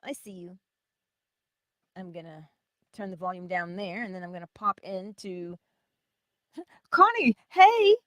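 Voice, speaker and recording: A woman hosts a relaxed livestream chat, her pitch leaping up and down as she greets viewers by name and calls them honey. She talks at an unhurried pace, close to the mic in a dry, dead room. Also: dry recording. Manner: animated, laughing often, calling viewers honey. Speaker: livestream host.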